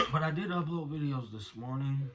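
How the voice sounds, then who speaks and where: A tired young father with a soft voice, recording a rambling video diary at home late at night. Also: medium pitch, moderate pace. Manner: rambling, soft-spoken, talks to his toddler in between. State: exhausted, tired.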